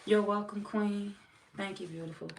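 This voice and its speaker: A young woman hosting a tarot livestream, reading viewer comments aloud and chatting in a relaxed, teasing way with lots of slang and laughter. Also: medium pitch, normal speed, creaky, far from the mic. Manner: laid-back, teasing, laughs often, slangy. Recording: roomy echo, off-mic, faint noise.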